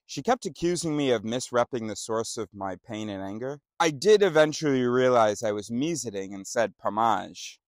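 A man's voice: medium pitch, animated, normal speed, hardly any pauses, dry recording, low-quality recording. A man reading out definitions and examples in a dry, matter-of-fact way, giving some examples with sarcasm. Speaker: vocabulary explainer.

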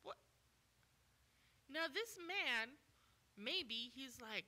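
A woman giving a sermon as a guest preacher in a church, emphatic, often asking the congregation questions and acting out quoted lines with sudden loud commands. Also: sits high, big pitch swings, takes it slowly, pauses often.

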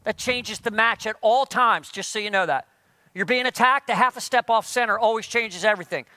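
A male pastor with a strikingly high, bright, forceful voice preaches a sermon. He keeps throwing rhetorical questions at the congregation in an animated way. The sound is dry and close. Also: a little fast, no room sound.

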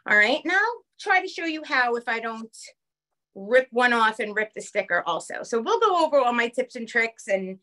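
A woman with a New York accent teaching a live online craft class over a phone camera, chatty and quick, checking in with the viewers often. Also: a little high, expressive, sharp tone. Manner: fast-talking, chatty, keeps checking in with "okay?". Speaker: craft instructor.

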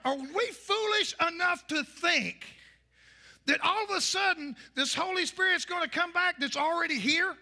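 A male pastor, preaching a fiery sermon and shouting his points. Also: extremely high pitch, vocal fry.

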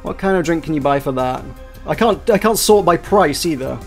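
Chatty man with a slightly high voice. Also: expressive, fairly quick, soft background music. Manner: rambling, hesitant, many "um"s and self-corrections. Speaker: let's play host. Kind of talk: casual gameplay commentary.

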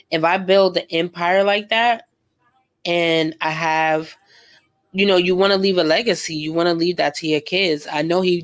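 A young woman chatting casually and emotionally while she paints, with lots of fillers and slang. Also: lowish voice. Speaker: art vlogger painting live.

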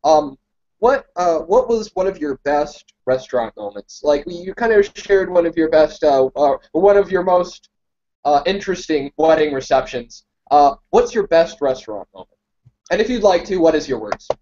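Male Q&A host, hesitant, warm dark tone, muffled stream sound. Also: on the high side, lively intonation, normal speed. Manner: hesitant, full of fillers. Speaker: interviewer. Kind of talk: casual live Q&A. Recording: dull lo-fi stream audio.

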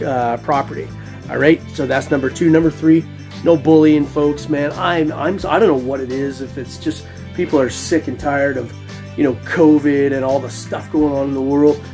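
A middle-aged man chats to his viewers about his finds, easygoing and quick to laugh. His voice sits a little higher than most men's. Faint music plays softly beneath him. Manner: upbeat and chatty, laughs often, keeps calling listeners "man". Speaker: metal detecting vlogger. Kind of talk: casual vlog talk to camera.

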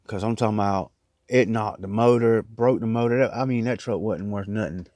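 A man with a lowish voice talks loosely and casually, rambling between bites as he vlogs. He is tucked into a small closet, and the sound is close and dry with no room echo at all. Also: normal speed, a little mellow. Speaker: vlogger. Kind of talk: casual mukbang chat.

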